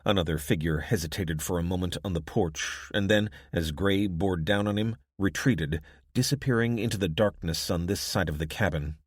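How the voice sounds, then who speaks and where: This is scripted audiobook narration by a man with a deep voice, at a moderate pace, with studio-quality audio and no room sound.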